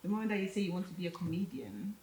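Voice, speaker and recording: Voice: medium pitch, expressive, very fast, darkish tone. A host conducting a casual interview, asking brief questions and giving short affirmations. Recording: echoey room, off-mic.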